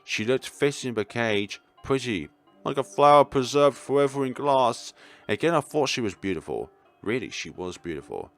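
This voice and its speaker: A young man reading a visual novel aloud, throwing in animated asides and jokes. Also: medium pitch, moderate pace, soft background music. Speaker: gaming YouTuber.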